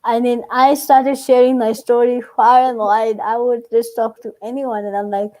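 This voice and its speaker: A woman's voice: on the high side, normal speed, hardly any pauses, low-quality recording. A woman, a guest on a live online panel, telling her story with emotion and quoting herself and others. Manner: emotional, animated storytelling with quoted dialogue.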